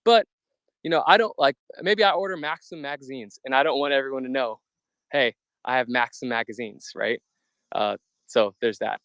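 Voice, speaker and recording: A man's voice: medium pitch, brisk, fairly bright tone, no room sound, low-quality recording. A man speaking in a casual live audio chat, rambling with many fillers and restarts.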